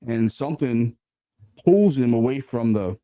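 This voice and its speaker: Dark-voiced man telling a ghost story. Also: mid-range voice, measured pace. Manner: animated, conversational, swears casually, many fillers. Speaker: paranormal investigator guest. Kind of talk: casual storytelling.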